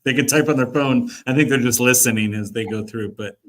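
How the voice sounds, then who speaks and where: A man hosting a sales show, chatting casually and agreeing readily, often trailing off softly. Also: medium pitch, brisk. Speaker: show host. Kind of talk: casual chat.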